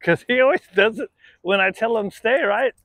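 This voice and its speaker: A man training his dog, praising it in high sing-song bursts and then dropping to quiet explanatory asides. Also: moderate pace, no room sound.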